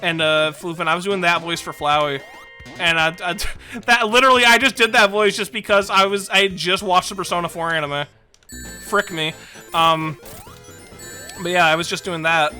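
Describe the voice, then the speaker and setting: A woman with a sharp, mid-range voice streams a video game with its music audible, chatting loosely and rambling, self-deprecating and often laughing.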